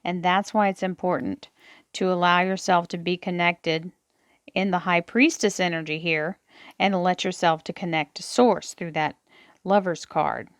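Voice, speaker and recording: A woman's voice: on the low side, steady tone, normal speed, smooth, dry recording, clean studio sound. A woman reading tarot cards aloud, explaining each card in a reassuring, encouraging way and calling her listeners her darlings. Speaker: tarot reader.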